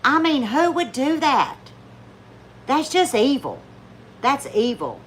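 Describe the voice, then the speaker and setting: A YouTube vlogger chats casually with her viewers, telling folksy stories in a high, sing-song voice at a slow pace, with slight background noise behind her. She laughs often and acts out the people she describes.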